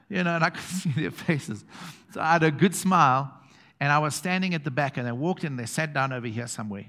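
A middle-aged South African man preaching a sermon as pastor, telling stories with chuckles and quiet emphatic asides. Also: mid-range voice, fast talker. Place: church hall. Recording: long hall reverb.

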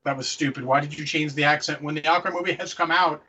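A man's voice: a little high, fairly even intonation, fast talker, bright, forceful tone, husky, distant mic, dull audio. A man co-hosting a casual movie review podcast, opinionated and ranting, swearing freely. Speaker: podcast co-host.

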